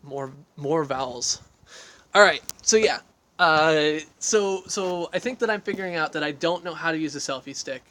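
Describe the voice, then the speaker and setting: A man with a slightly high, somewhat bright voice speaks at normal speed on a casual livestream from an outdoor deck, using a phone on a selfie stick. He wanders from topic to topic, teases himself, and responds to viewer questions as he reads them.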